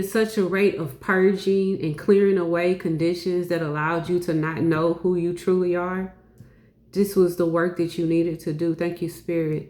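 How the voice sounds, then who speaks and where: A woman delivers a channeled spiritual message, circling back on her phrases with emphatic repetition and casual asides. Her voice sits a little low for a woman. The room around her rings with a noticeable echo. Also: darkish tone. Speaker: spiritual reader.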